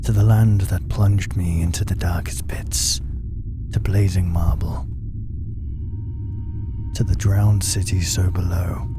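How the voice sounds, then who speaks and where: A man voicing an ancient, vengeful drowned spirit in a slow, solemn horror monologue, deep and partly whispered. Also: fairly even intonation, over music. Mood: menacing. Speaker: narrating entity in an analog horror video.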